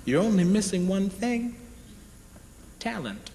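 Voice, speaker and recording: A man's voice: high voice, sing-song, takes it slowly, warm tone, a little hiss or hum. A man doing stand-up comedy in a playful, mock-earnest way on a stage in a large hall. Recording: echoey hall, live stage.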